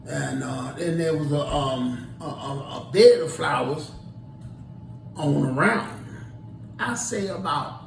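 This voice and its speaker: A man's voice: on the high side, slow, creaky, slight background noise. A man, a tour guide, telling a rambling story casually and acting out what people said. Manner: rambling, acts out quoted dialogue. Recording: roomy, distant recording.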